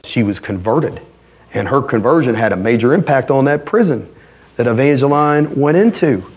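A man's voice: medium pitch, expressive, moderate pace, a little mellow, breathy edge. A male pastor delivering a sermon in an emphatic, conversational way.

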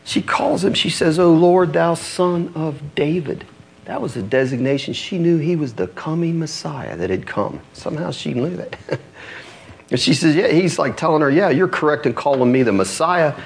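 Middle-aged male pastor, animated storyteller, somewhat high voice with a wide range. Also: moderate pace, gravelly. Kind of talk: sermon.

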